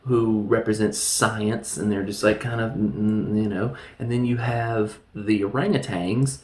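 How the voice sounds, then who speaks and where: A man's voice: lowish voice, fairly even intonation, unhurried. A man casually reviewing a film, laughing often and recapping scenes with mock voices. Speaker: movie reviewer. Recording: echoey room.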